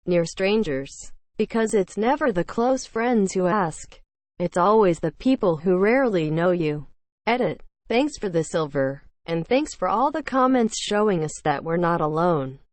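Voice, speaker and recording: A woman's voice: on the low side, darkish tone, no echo. A woman reading forum posts aloud in a dry, matter-of-fact scripted narration.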